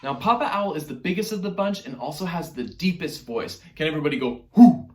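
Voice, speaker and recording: Upbeat male music teacher, lively pitch. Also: quick pace, echoey room. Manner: upbeat, encouraging, addresses children directly. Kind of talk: online elementary music lesson.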